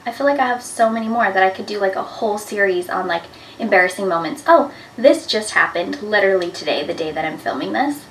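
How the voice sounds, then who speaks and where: A woman's voice: mid-range voice, fast talker, hardly any pauses, slight background noise. Chatty young woman in an echoey room. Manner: chatty, animated, full of "like" fillers. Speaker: vlogger. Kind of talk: casual storytelling to camera. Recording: echoey room, a bit far from the mic.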